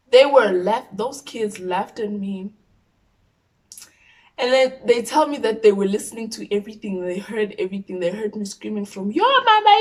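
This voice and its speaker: A young woman in her twenties with a South African accent, telling a personal story on her vlog in an expressive, animated way. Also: medium pitch. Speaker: YouTuber.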